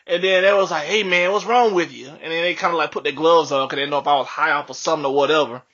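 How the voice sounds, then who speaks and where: High bright-voiced young man telling a story. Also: fast. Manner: animated, profane, laughs often. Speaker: podcast co-host. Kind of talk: casual storytelling. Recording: dull lo-fi podcast audio.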